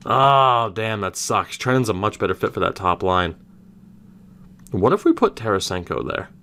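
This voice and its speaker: A man's voice: on the low side, moderate pace, slight background noise. Young man's casual game commentary. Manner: thinks aloud, animated reactions, mild swearing. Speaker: gaming YouTuber. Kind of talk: casual let's-play commentary.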